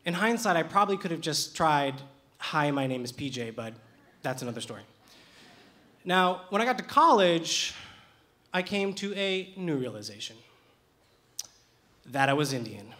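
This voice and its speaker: A young man telling a true personal story live on a stage, lively and animated with comic timing. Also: a little high, normal speed, long pauses. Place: theater stage with audience.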